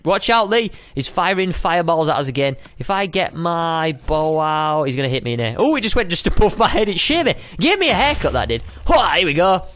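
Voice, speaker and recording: A young man giving playful, chatty commentary while playing a survival game, now and then breaking into high squeals. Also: sing-song, brisk, fairly bright tone, a little hiss or hum. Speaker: gaming video host. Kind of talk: casual gameplay commentary.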